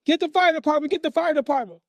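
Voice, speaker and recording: A frantic mother shrieks in alarm, her voice pitched far above a man's normal range, acted by a male storyteller. The sound is dry and close. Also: fairly quick, darkish tone, no echo. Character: frantic screaming mother, shrill and panicked.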